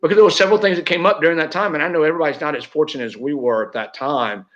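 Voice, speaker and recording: Middle-aged guy, kinda high voice, earnest rambling story, muffled lo-fi audio. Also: rapid-fire, fairly bright tone. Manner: earnest, heartfelt, many fillers and restarts. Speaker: real estate agent, interview guest. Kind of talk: emotional personal storytelling.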